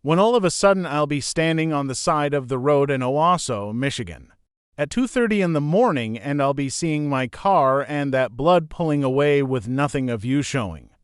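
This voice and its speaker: Guy reading as a jokey old grandpa type, teasing, smooth voice, kinda high. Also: animated, moderate pace, no room sound, studio quality, lightly acted. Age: older. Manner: joking, easygoing teasing. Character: teasing older man, kind grandfather driver.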